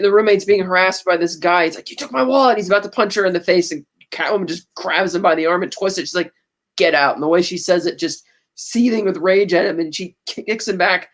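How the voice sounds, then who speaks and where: A man co-hosting a podcast, chatting casually as he retells movie scenes and quotes their lines. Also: high voice. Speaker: podcast co-host. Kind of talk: casual movie recap chat.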